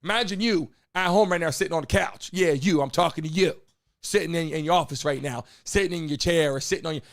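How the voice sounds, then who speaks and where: Gravelly, emphatic live-stream host man. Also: fairly high pitch. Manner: emphatic, talks straight to viewers, swears often; repeats lines, asks chat to respond. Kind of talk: live-stream political commentary.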